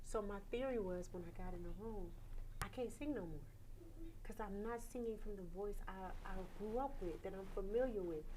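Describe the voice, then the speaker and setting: A woman guest singer telling a story in a conversation, lively and animated, laughing often and acting out what people said. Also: mid-range voice, moderate pace, a little hiss or hum, low-quality recording.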